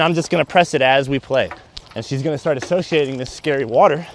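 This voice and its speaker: A young man, a dog trainer, talking casually through each step of a training session while walking his dog outdoors. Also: quick pace. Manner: explains steps aloud, breaks into high excited praise for the dog. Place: outdoors on a walking path and grass.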